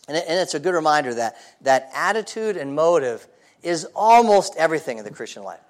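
A man's voice: a little high, very animated, fairly quick. A man preaching a sermon in a conversational way, asking the congregation rhetorical questions and often repeating his first words. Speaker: pastor.

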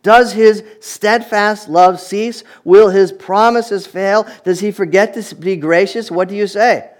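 A man's voice: high-pitched, steady tone, measured pace. A man preaching a sermon, reading scripture aloud and reflecting on it in an earnest manner, often repeating words as he restarts.

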